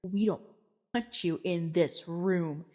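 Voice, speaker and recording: Woman doing a loud, angry older man. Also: fairly low pitch, slow. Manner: yelling, scolding.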